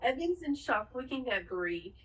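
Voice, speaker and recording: A woman co-hosting a podcast in casual chat, retelling a TV finale with lively acted-out lines and plenty of swearing. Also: a little high, moderate pace, echoey room, far from the mic, low-quality recording. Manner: animated retelling, acts out the characters' lines, swears freely. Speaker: podcast co-host.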